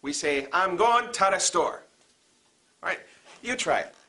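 A man's voice: high voice, lively intonation, sharp tone, full character voice. A man playing a bossy teacher who lectures on a local dialect in a comedy sketch. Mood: lecturing. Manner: deliberate, exaggerated lecturing delivery. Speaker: teacher of a comic dialect class.

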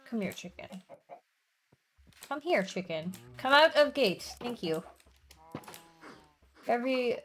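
A woman's voice: on the high side, a little hiss or hum. A woman streaming a game with friends, exasperated and swearing as she coaxes animals along in casual chat.

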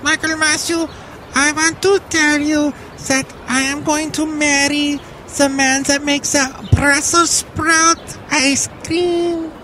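A man voicing an impulsive, shouty woman who marries a stranger, then divorces him at once. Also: very high-pitched, flat delivery, slow pace, slight background noise, pitched above the performer's own voice, heavily acted. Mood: eager. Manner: shouty, blunt, fickle. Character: shrill impulsive woman, bride of the ice cream maker.

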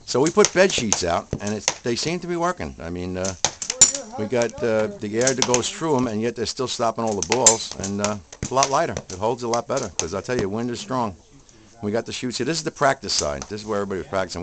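Low-voiced chatty Jersey man outdoors. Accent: New Jersey. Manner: chatty, jokey, friendly banter. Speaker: event host filming a tournament. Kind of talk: casual walk-around narration. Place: outdoor shooting range. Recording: noisy outdoor camera audio.

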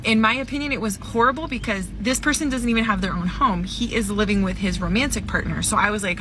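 A woman's voice: medium pitch, fast, hardly any pauses. A woman casually telling a personal story, emphatic and swearing freely. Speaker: woman telling her divorce story in a clip. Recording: background noise.

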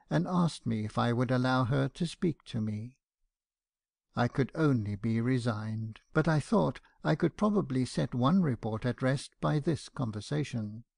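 A man narrating a classic novel for an audiobook in a measured first-person telling. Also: mid-range voice, creaky, a little mellow, dry recording, studio quality. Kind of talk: scripted narration.

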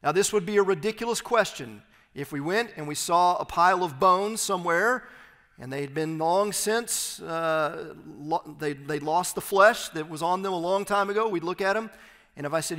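A man preaching an expository sermon as pastor, reading scripture aloud and explaining it with emphatic, slowed phrases. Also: fairly high pitch, a bit bright, long reverb tail. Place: church sanctuary.

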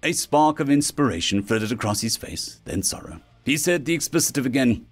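A man narrating a science-fiction story in an expressive storytelling manner. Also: medium pitch, a little fast. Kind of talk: scripted sci-fi story narration.

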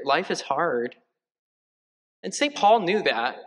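A male parish priest giving a conversational homily, joking lightly and filling pauses with ums and uhs. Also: on the high side, lively intonation, fairly bright tone. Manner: chatty, joking, many fillers. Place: large church. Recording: long church reverb.

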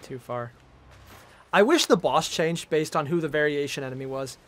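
A male streamer chatting casually while playing, excitable and swearing, with loud outbursts. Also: fairly high pitch, moderate pace, slight background noise. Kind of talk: casual gaming chat.

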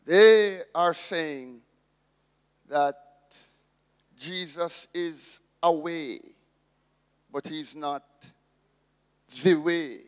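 A man's voice: a little high, extremely slow, pauses often, clean tone, in a large hall. A man preaching a sermon as pastor, emphatic and repeating his key phrases.

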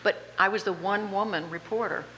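Bright-voiced older woman with a slight Southern accent. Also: mid-range voice, a little fast. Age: 70s. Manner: animated, self-deprecating anecdotes with frequent laughs. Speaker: honored guest journalist. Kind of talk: on-stage interview storytelling. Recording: reverberant hall with faint background noise.

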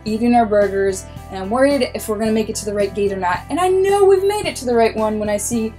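A woman's voice: fairly high pitch, animated, fast talker, dark tone, faint music behind. A young woman telling a personal story about her first day at work with wry, comic timing.

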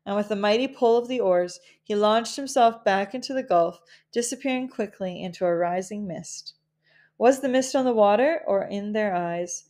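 An audiobook reader, a woman with a mid-range voice, reads a children's novel aloud in a gentle, measured storytelling style.

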